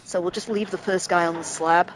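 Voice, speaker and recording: A woman with a lowish voice talks her way through a horror game, chatty and self-deprecating as she thinks aloud. A faint hiss of background noise sits behind her desk mic. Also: steady tone, fairly quick, low-quality recording. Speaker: let's play host. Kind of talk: casual gameplay commentary.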